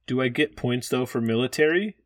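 A man's voice: medium pitch, a little fast, no echo. A man co-hosting a podcast in casual chat, joking and self-deprecating as he guesses answers. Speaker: podcast co-host.

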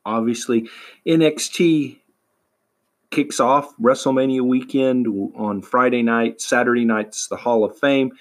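Guy doing a slow wrestling news recap, lots of uhs and ums, mid pitch. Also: steady tone. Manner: halting, many fillers and restarts. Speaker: wrestling podcast host. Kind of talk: casual recap commentary.

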